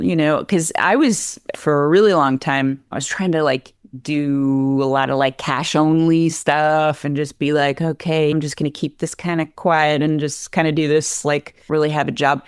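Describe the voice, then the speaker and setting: Low-voiced woman telling stories. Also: a little slow, clean tone, dry recording, clean studio sound. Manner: animated, acts out quoted voices, many fillers. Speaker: podcast guest, horse trainer. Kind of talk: casual conversational storytelling.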